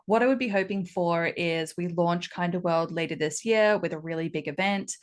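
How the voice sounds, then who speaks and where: A woman, a game studio co-founder, chatting in an interview and telling stories with lively acted-out quotes. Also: on the low side, moderate pace. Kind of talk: casual interview chat.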